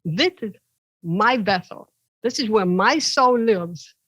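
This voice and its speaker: A woman's voice: slow, dry recording, muffled recording. A woman from Ohio, a podcast guest, telling personal stories animatedly and acting out the voices of the people in them. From Ohio, USA. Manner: animated, acts out quoted voices with big pitch jumps. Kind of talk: personal storytelling.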